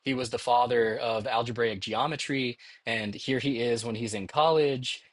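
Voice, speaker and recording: A man's voice: mid-range voice, fairly even intonation, normal speed, no room sound. A middle-aged man teaching a math course in a conversational, encouraging way, often checking in with "okay?". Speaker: math instructor. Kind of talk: recorded lecture narration over slides.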